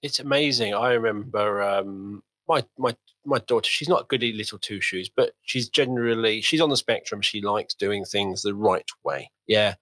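A man hosting a podcast, chatting in a relaxed, rambling way and acting out the people he quotes. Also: on the low side, normal speed, few pauses, no room sound. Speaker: podcast host. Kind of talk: casual podcast conversation.

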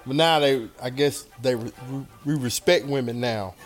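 A man's voice: mid-range voice, moderate pace, soft background music. A man co-hosting a comedy podcast, reading out joke facts in casual banter. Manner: reads out items, playful. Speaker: podcast co-host.

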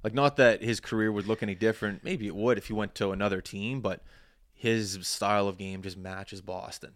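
A man's voice: on the low side, fairly quick. A young man from Canada's East Coast, co-hosting a casual sports podcast and rambling with lots of restarts. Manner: rambling, animated, restarts mid-sentence. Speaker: podcast co-host.

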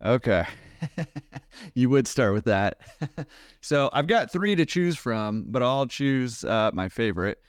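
Man telling a story at a brisk clip. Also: medium pitch, dry recording, clean studio sound. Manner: energetic, quick-paced storytelling. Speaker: laundromat owner guest. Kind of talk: storytelling anecdote in a podcast interview.

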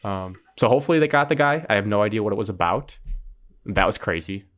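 A man's voice: fairly low pitch, animated, fast, a bit bright. A young man hosting a casual podcast, retelling a story in a rambling way full of fillers and restarts. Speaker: podcast host.

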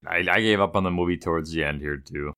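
A man's voice: sits low, fast talker, pushed and bright, clear, resonant tone, no room sound, clean studio sound. A man co-hosting a podcast in casual movie chat, hesitant and stammering as he thinks aloud. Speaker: podcast co-host.

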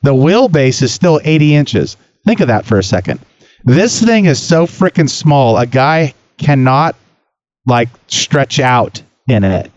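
A man co-hosting a podcast, excitable and profane, with lots of slang in casual chat. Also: mid-range voice, a little slow, no echo, dull audio. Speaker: podcast co-host.

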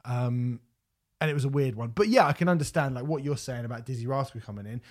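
A man's voice: mid-range voice, quick pace. A man hosting a music podcast, talking in a rambling, sweary, casual way. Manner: rambling, sweary, many restarts. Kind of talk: casual chat.

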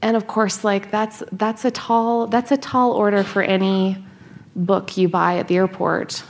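A woman in her thirties from North America, a scholar and author telling stories in an interview, animated, laughing and restarting her sentences often. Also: mid-range voice, a little slow, slight background noise. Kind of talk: conversational interview.

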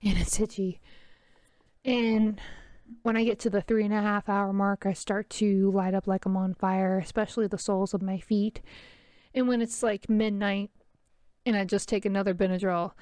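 Woman, tired, exasperated, rambling casual chat, dry close sound, mid pitch. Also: fairly even intonation, normal speed, darkish tone, no echo. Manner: exasperated, venting with wry self-mocking laughs. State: tired and itchy. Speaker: mother talking to camera.

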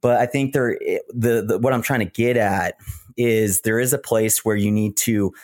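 A man in his thirties, a retired marathon runner, shares earnest, reflective stories as a guest on a podcast interview. His voice is lowish and darkish in tone, with fairly even intonation and a moderate pace, captured in studio quality with no room sound.

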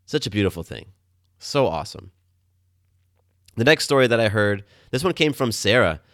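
A man hosting his own podcast, telling warm everyday stories in a casual, upbeat, enthusiastic way. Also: lowish voice, big pitch swings, moderate pace, no room sound, studio quality. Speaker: podcast host. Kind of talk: casual storytelling monologue. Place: Atlanta, USA.

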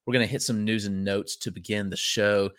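A man with a Southern US accent hosting a podcast, running through the show's housekeeping in a brisk, upbeat way. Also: on the low side, fairly even intonation, fairly bright tone, dry recording, clean studio sound. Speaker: podcast host. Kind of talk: casual chat.

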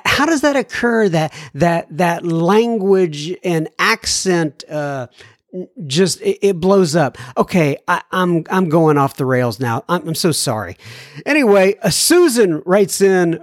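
A man's voice: high voice, expressive, slow pace, dry recording, clean studio sound. A middle-aged man hosting a recovery podcast, reading listener emails aloud and drifting into tangents he apologizes for. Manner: rambling, apologetic, goes off on tangents with chuckles. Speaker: podcast host.

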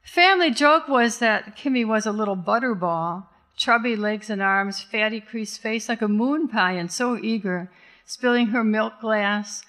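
Woman reading a novel aloud, intense and measured, slowing on key words. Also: mid-range voice, fairly bright tone. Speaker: audiobook narrator. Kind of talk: scripted narration.

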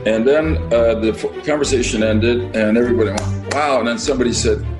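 A man's voice: medium pitch, steady tone, fairly quick. A man in an interview telling an amused anecdote, with many fillers. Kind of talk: interview recollection. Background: music.

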